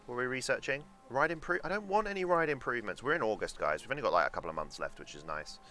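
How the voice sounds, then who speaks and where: A man's voice: medium pitch, expressive, rapid-fire, bright, forceful tone. A young man with a London accent, chatting casually and swearing freely while streaming a game and answering chat. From England.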